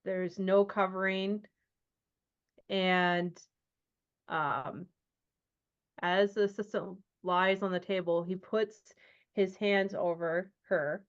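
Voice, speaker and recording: A woman's voice: mid-range voice, steady tone, slow, long pauses, clean tone. A woman narrating a tabletop horror game as game master, loose and chatty, with many ums and likes. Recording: dull lo-fi sound.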